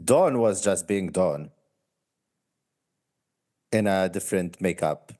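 A man's voice: deep voice, animated, takes it slowly, warm tone. A man with a Maltese accent chatting casually as co-host, moving between English and Maltese mid-sentence. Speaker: podcast co-host. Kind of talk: casual chat about a reality show.

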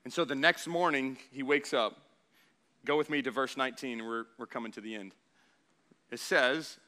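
A pastor preaching a sermon, moving from quiet storytelling to loud, animated preaching as he acts out the quotes. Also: fairly high pitch, clean tone.

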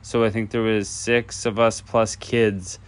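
A man's voice: fairly low pitch, flat delivery, unhurried, clean tone. A man hosting a casual solo podcast from an empty house, rambling loosely with lots of filler words. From Canada. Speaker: podcast host.

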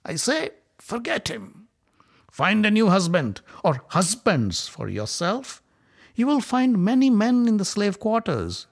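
A man voicing a scornful warrior who mocks slowly and coldly. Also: high voice, wildly swooping pitch, gravelly, voice pushed up, exaggerated voice. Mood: sneering. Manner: slow, sneering mockery. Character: scornful warrior, sly and cruel.

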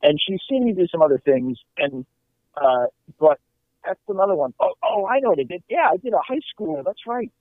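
Animated comedian man on a tinny line. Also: high-pitched, fairly quick, no echo. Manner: animated, acts out quotes in character voices. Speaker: comedian guest. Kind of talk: casual storytelling. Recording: tinny phone-like line, dry.

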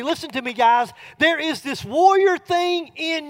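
A middle-aged man preaching a sermon, telling a folksy personal story that builds to loud bursts. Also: very high voice, lively intonation, measured pace, hardly any pauses.

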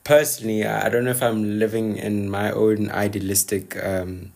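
A man's voice: on the low side, flat delivery, moderate pace, gravelly, darkish tone. A man hosting a podcast, talking casually and reflectively, often repeating words as he thinks. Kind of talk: casual conversation.

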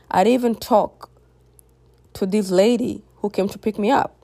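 A woman's voice: mid-range voice, fairly even intonation, normal speed, mellow, no echo. A young woman telling a personal story to her viewers in a candid, reflective way. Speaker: vlogger. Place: home near a busy road.

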